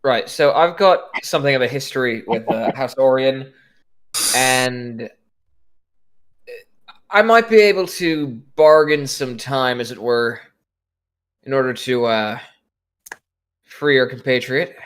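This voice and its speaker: Guy at a tabletop game, talks in character, lots of uhs and restarts, middle pitch. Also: clean tone. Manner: halting, full of fillers and restarts. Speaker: player. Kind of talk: in-character tabletop role-play.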